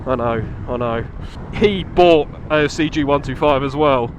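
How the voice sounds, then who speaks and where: A man's voice: mid-range voice, unhurried, slight background noise. Chatty man on a motorbike. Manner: chatty, laughs a lot, swears casually. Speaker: motovlogger. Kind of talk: casual chat while riding. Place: on a motorcycle outdoors on country roads.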